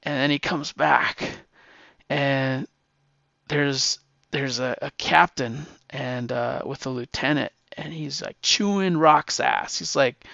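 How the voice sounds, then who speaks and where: A man's voice: mid-range voice, takes it slowly, creaky, bright, forceful tone, no room sound. A man retelling a war comic's plot in a casual, rambling way, with restarts and profanity. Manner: rambling, with many fillers and restarts. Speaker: guest answering a question. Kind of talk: casual storytelling. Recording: dull, slightly lo-fi dry sound.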